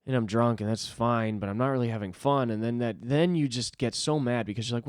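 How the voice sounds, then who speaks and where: Profane, rambling young man, smooth dry voice. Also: medium pitch, quick pace, dry recording. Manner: rambling, profane, self-deprecating. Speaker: solo podcast host. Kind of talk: casual solo monologue.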